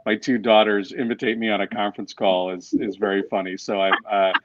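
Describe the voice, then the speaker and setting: A man's voice: fairly low pitch, little pitch movement, fairly quick, dry recording. Man telling stories over a dull call line. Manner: storytelling, self-deprecating, restarts often. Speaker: guest author and coach. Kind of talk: casual interview chat.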